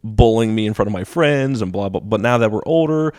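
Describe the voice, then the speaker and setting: Here a young adult Texan comic with a lowish voice talks a little fast while trading stories on a laid-back podcast. He stays lively, laughing and performing the voices of the people in his tales.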